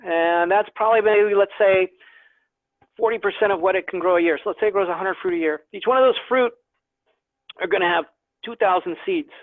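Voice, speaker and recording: A man with a high voice gives a guest lecture on desert plants over a video call. He talks in a chatty way, often repeats himself, and jokes at his own expense. The audio is tinny and phone-like, with a dry sound and no room echo. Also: fairly quick. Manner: chatty, self-deprecating humor, repeats words. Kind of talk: online lecture to a naturalist club.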